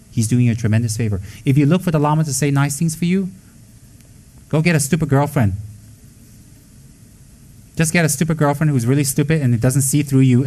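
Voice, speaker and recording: A man giving a Buddhist dharma talk to students, blunt and scolding, with joking asides and quick acted-out quotes. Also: mid-range voice, mellow, poor audio. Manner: acts out quoted voices. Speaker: Buddhist teacher.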